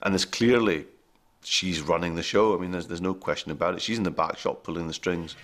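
A man's voice: low voice, fairly even intonation, a little fast. A man in a casual interview, talking with light humour about playing a character.

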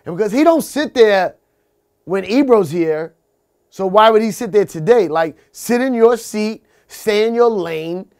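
A man's voice: high voice, expressive, a little slow, a little mellow, clear, resonant tone. A man back as co-host on a radio show, insistently protesting and arguing in comedic banter in a studio. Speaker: returning former co-host.

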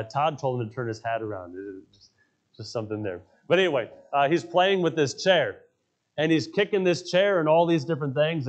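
A man's voice: medium pitch, dull audio. A male pastor preaching a sermon in a church, telling stories with emphasis and repeating his key phrases. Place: church sanctuary.

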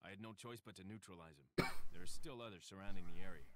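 A man voicing a terse, deep-voiced young agent. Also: fast talker, noisy background, close to an everyday voice. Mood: curt. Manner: clipped, matter-of-fact reporting. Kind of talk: video game cutscene dialogue.

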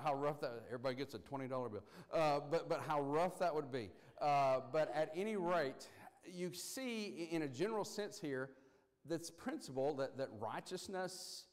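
A man's voice: medium pitch, big-room sound. A man preaching a sermon in a church, earnest and emphatic, often restarting phrases and driving home key words. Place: church sanctuary.

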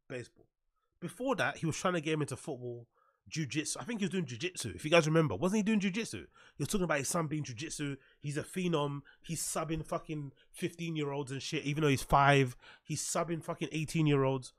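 A man's voice: on the high side, lively intonation, fairly quick, dry recording, studio quality. A man reacting to podcast clips with sarcastic, mocking commentary, swearing and answering his chat. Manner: sarcastic, swears a lot, reads chat aloud. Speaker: commentary streamer.

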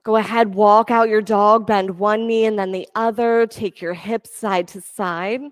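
A woman yoga instructor giving calm, encouraging cues for breath and poses during a class. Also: mid-range voice, unhurried, no echo, clean studio sound.

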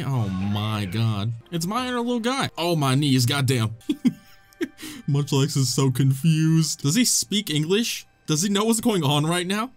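Excitable young man playing a game. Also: fairly high pitch, normal speed. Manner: excitable, laughing, swearing, reading dialogue aloud. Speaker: gaming YouTuber. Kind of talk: let's play commentary. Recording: faint game music behind. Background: faint game music.

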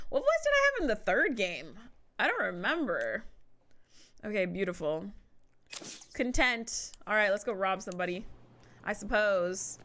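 A woman's voice: mid-range voice, a bit bright. A woman streamer casually commenting while she plays a game, chatty and giggly, talking to herself as she explores. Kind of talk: casual let's-play commentary.

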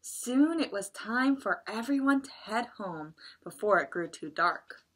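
A woman librarian reading a picture book aloud at children's story time, expressive and adding chatty asides for the kids. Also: medium pitch, unhurried, husky.

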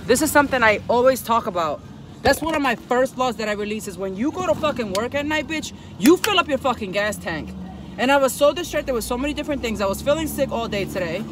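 A woman vlogging outdoors at night near a gas station, cursing, scolding herself and bluntly lecturing her viewers. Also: high-pitched. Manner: profane, self-scolding venting. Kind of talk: casual vlog monologue. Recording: outdoor traffic noise.

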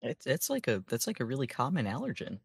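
A woman player voicing a grumpy, deadpan grown son in a tabletop game. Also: medium pitch, fast talker, gravelly, husky, voice pushed down, exaggerated voice.

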